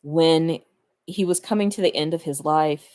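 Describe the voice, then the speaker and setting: Low-voiced woman, tender and chatty. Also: moderate pace, a little mellow. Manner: conversational, laughs between thoughts, tender. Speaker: vlogger. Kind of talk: casual reflective monologue.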